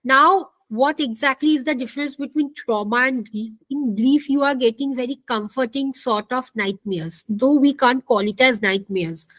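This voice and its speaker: Instructor: woman, high pitch, repeats her points, dry close sound. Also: normal speed, few pauses, a bit bright, no echo, rough recording. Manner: explanatory, repeats key points, asks the class questions. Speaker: counselling instructor. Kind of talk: online class lecture.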